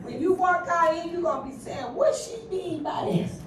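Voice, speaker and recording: A woman's voice: extremely high pitch, moderate pace, recorded from a distance, noisy background. Fervent older woman preaching in church. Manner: fervent, call-and-response preaching, breaks into song. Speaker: church speaker leading prayer. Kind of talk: sermon and fervent prayer. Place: church sanctuary. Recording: echoey church hall miked from afar with crowd.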